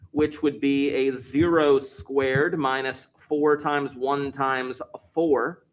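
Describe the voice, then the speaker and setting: A man teaches a math class, explaining each step in order. He repeats the key points and leans hard on important words, speaking at an ordinary middle pitch.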